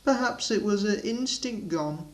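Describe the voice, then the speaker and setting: Brief: chirpy eager young engine, pitched up, read by a man. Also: expressive, measured pace. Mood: teasing. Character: cheeky young red tank engine, male.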